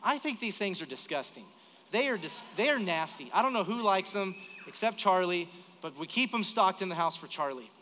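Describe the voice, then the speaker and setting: Bright-voiced man preaching in a reverberant church. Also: high-pitched, fairly quick, a little hiss or hum. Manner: storytelling, animated, acts out dialogue. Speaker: pastor. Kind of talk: sermon. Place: church sanctuary during live service. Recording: live church hall with reverb.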